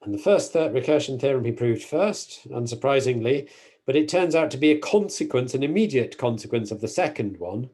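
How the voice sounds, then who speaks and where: Mellow-voiced male lecturer. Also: medium pitch, expressive, a little fast. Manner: careful, self-correcting explanations with frequent fillers. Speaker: university lecturer. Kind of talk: mathematics lecture.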